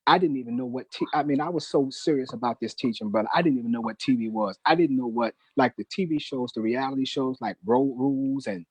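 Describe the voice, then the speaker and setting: A man's voice: mid-range voice, fast, hardly any pauses, breathy edge, dry recording, rough recording. A middle-aged man telling a personal testimony in an emphatic, preacher-like way, often calling the host brother. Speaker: guest, newspaper manager.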